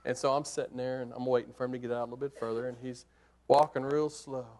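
Using a hunting tale as a sermon illustration, this preacher talks quickly in a medium-pitched voice. His conversational delivery is animated, moving between hushed moments and bursts of excitement.

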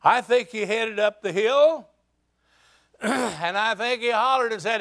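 A man's voice: sits high, unhurried, fairly bright tone. A man preaching a sermon, retelling a scripture story dramatically with rhetorical questions.

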